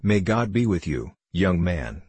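A man's voice: sits low, big pitch swings, measured pace, darkish tone, husky, no echo, exaggerated voice. A man voicing a frail, weary old peasant woman with a quavering voice in a storybook reading. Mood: plaintive.

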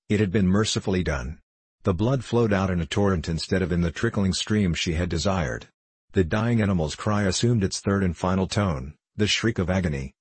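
Deep, husky male narrator. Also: no room sound. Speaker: audiobook narrator. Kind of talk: scripted narration.

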